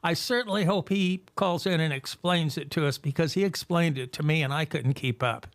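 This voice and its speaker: A man with a notably high voice hosts a local political talk show. He talks casually and slows down to stress each figure he reads out. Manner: reads figures slowly with emphasis.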